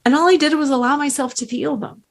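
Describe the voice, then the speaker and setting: A middle-aged woman coach giving a slow, earnest motivational talk with strong emphasis. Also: sits high, steady tone.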